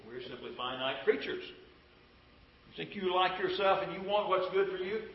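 A man preaching a sermon in an earnest, pleading way, often asking his listeners questions. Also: fairly high pitch. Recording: roomy, dull lo-fi sound.

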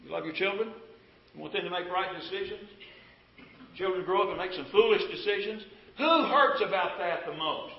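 A man's voice: sits high, normal speed. A man preaching a sermon in an earnest, pleading way, often asking his listeners questions. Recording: roomy, dull lo-fi sound.

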